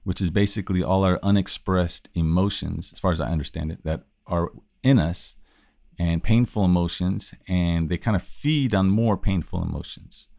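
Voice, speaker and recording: Guy with a really low voice talking loosely about handling emotions, dry close sound. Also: moderate pace, creaky, darkish tone, dry recording. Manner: loose and thinking aloud, with restarts. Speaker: podcast host teaching communication. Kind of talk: casual solo talk.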